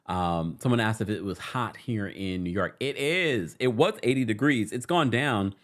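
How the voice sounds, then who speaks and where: A man's voice: on the low side, lively intonation, normal speed. A man hosting a casual live-stream recap from New York City, chatting and reading viewer comments aloud with frequent laughs.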